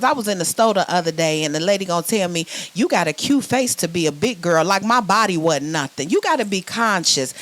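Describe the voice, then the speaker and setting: Young woman doing a sassy, loud virtual stand-up set. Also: medium pitch. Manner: loud, sassy, repeats words when starting phrases. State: sweating. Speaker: stand-up comedian.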